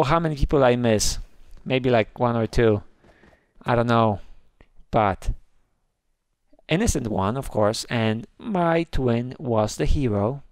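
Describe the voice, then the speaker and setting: A man hosting a gaming video, commenting on his play with excitable, jumpy reactions. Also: mid-range voice, takes it slowly, no room sound. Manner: jumpy, gasping and squealing when scared.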